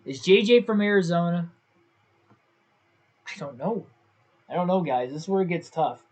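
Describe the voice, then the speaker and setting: A man's voice: high voice, animated, normal speed. A young man casually commentating his own livestream, thinking aloud and second-guessing himself as he talks to his viewers. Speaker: gaming livestreamer.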